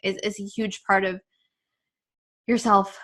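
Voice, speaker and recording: Over a video call, a woman who works as a confidence coach leads a live webinar in a medium-pitched, slightly bright, flat, unhurried voice. She is earnest and emotional, repeating herself and using many fillers.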